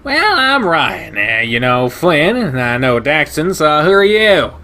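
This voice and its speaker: A man voicing a cheery, crude, thirty-something male German shepherd who talks loudly with a drawl. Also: a little high, very animated, measured pace, slight background noise, voice pushed up, exaggerated voice. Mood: brash, teasing. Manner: loud, drawling, brash.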